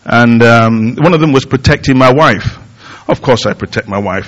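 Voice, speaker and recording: Man preaching in a relaxed conversational way. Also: mid-range voice, normal speed, muffled recording. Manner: conversational, self-deprecating, with frequent fillers and restarts. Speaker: pastor. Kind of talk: sermon.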